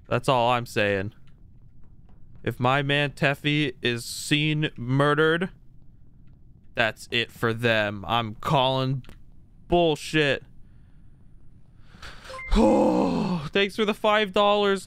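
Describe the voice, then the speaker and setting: A man's voice: medium pitch, slow pace, pauses often, a bit bright, smooth. A man streaming a game live, talking to his viewers and teammates in a playful, mock-boastful, chatty way.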